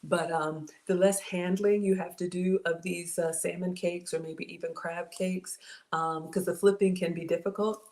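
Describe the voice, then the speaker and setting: A woman's voice: lowish voice, fairly even intonation, normal speed, a little mellow. A woman hosting a home cooking livestream from her kitchen, chatting casually, reading out viewer comments and thanking people by name, often saying y'all. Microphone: camera.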